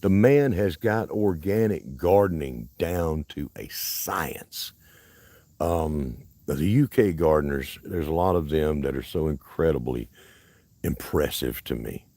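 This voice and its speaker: His pitch is extremely low and his tone warm, and he speaks slowly but animatedly with no echo. This Alabama livestream host, Southern-accented, chats outdoors at a park in a folksy, rambling style, cutting into his own sentences.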